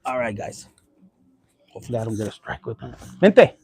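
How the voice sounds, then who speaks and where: A man's voice: medium pitch, very animated, fairly quick, a crowd in the background. A young man doing a casual tarot reading, talking bluntly with lots of swearing and slipping Spanish phrases into his English. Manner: profane, blunt and chatty, mixing in Spanish phrases. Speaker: tarot reader.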